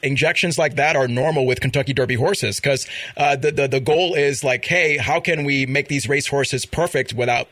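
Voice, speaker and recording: A man's voice: mid-range voice, moderate pace, hardly any pauses, a bit bright, no echo. A man hosting a podcast, chatting casually about celebrity gossip and reading out news items. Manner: chatty, laughs often, reads news items. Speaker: podcast host. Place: studio in Vermont.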